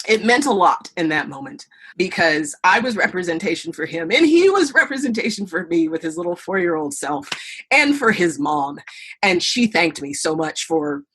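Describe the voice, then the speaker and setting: A woman's voice: medium pitch, normal speed, vocal fry, breathy edge. A middle-aged woman, a podcast guest and burlesque performer, telling stories in an interview and acting out the voices of people she quotes. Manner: animated storyteller, acts out quoted voices. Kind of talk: storytelling interview answers.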